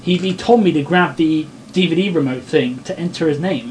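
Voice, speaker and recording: A man's voice: on the high side, moderate pace, a little mellow, slight background noise. A man hosting a casual podcast, sarcastic and blunt, swearing freely as he banters. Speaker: podcast host.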